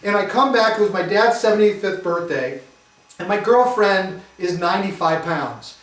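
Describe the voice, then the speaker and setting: A middle-aged man from Detroit, telling his own story to a live audience in an animated, self-mocking way. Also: sits high, moderate pace. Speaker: speaker giving a testimony. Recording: roomy echo, mic at a distance.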